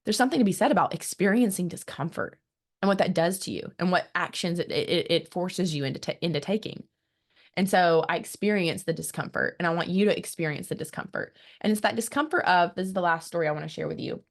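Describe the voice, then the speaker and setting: A woman marketing coach giving an energetic motivational business talk, speaking straight to her audience and often restarting her words. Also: lowish voice, fast, vocal fry. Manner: energetic and emphatic, acts out quoted voices; repeats words when restarting, direct to the audience.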